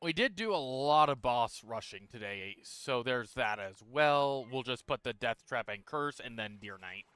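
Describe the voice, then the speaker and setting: A man streaming a video game, talking through his moves in a relaxed, casual way, a little tired. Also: mid-range voice, unhurried, few pauses, clear, resonant tone, no room sound. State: tired, yawning. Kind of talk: casual gameplay commentary.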